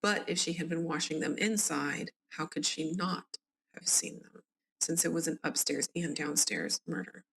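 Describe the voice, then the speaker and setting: Southern lady podcast host, chatty true crime commentary, lowish voice, talks right to the listeners. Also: normal speed, creaky, a bit bright. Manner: chatty, conversational asides to listeners.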